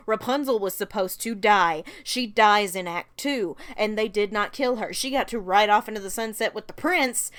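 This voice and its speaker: A woman's voice: mid-range voice, a bit bright. A woman hosting her channel, answering fan questions in a casual, opinionated rant and laughing often.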